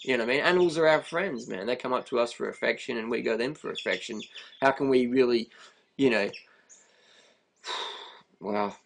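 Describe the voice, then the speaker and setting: A man's voice: mid-range voice, fast talker, gravelly, a bit bright, slight background noise. Aussie guy ranting at the camera about food, laughs a lot, says man and you know nonstop. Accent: Australian. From Australia. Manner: laughs through his points. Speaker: vegan activist vlogger. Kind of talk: casual ranting monologue.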